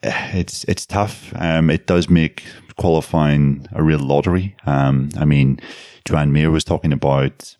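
Very deep-voiced male racing pundit. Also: fairly even intonation, unhurried, hardly any pauses, a little mellow, dry recording, clean studio sound. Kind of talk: studio discussion.

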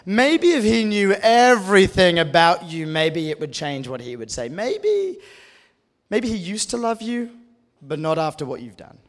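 A sly, insinuating inner lawyer voice, put on by a male preacher, pitched fairly high and needling with doubt. It carries the long echo of a big hall. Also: big pitch swings, measured pace. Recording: echoey hall.

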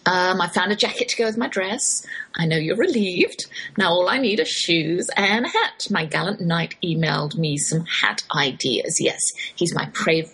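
Middle-aged English woman, cheerful talk-radio host, slightly breathy. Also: lowish voice, expressive, normal speed, fairly bright tone, rough recording. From West Germany. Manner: cheerful, chatty, faith-inflected. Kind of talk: chatty scripted radio monologue.

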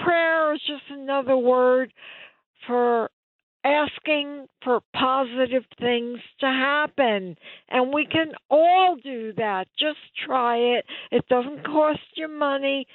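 A woman's voice: high-pitched, no room sound. A woman from New York calling in to a radio show, gushing and blunt in her emphatic way. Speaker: caller. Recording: tinny phone line.

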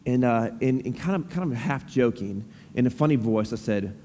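A man's voice: mid-range voice, animated, moderate pace, dark tone, a little hiss or hum. A man in his thirties preaching a sermon to his congregation, conversational with many fillers and repeated words, then reading scripture aloud. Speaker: pastor. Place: church sanctuary. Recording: long reverb of a large hall.

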